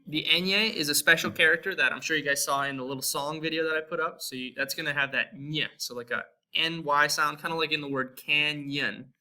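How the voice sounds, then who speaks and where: A young American man with an American accent, giving a relaxed spoken lesson and slowly repeating example words. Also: a little high. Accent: American English. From United States. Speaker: Spanish teacher.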